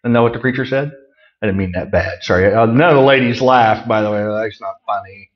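A middle-aged man preaching a conversational sermon, folksy with joking asides, swinging from loud emphasis to quiet remarks. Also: lowish voice, fairly quick, muffled recording. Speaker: pastor.

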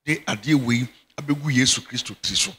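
A man's voice: medium pitch, fast talker, fairly bright tone, a little hiss or hum. A middle-aged Ghanaian man preaching a sermon as bishop, emphatic and often breaking into laughter. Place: church chapel.

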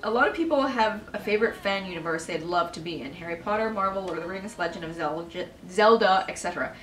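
A woman's voice: medium pitch, fast talker, echoey room, far from the mic, slight background noise, rough recording. A young woman answering viewer questions in a casual video, candid and emotional and swearing freely. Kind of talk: casual Q&A chat.

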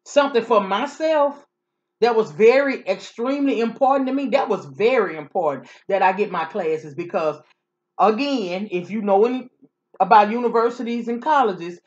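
A woman's voice: medium pitch, highs cut off. A woman vlogger chatting casually through a story, sassy and repetitive.

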